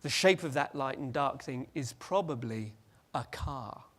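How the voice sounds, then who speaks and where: A man giving a lively, joking conference presentation and acting out little scenes. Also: medium pitch, unhurried. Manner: animated, jokey, acts out scenes. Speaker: conference speaker.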